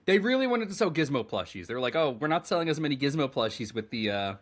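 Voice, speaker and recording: A man co-hosting a podcast in casual chat, animated and rambling, swearing freely. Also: a little high, fast. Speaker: podcast co-host.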